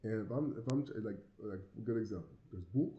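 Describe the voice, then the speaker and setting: A man's voice: lowish voice, fast talker, roomy sound, lo-fi sound. An American man with a Southern accent and a slight lisp, talking casually to the camera in a rambling way, often repeating words and chuckling. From United States. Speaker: vlogger living abroad.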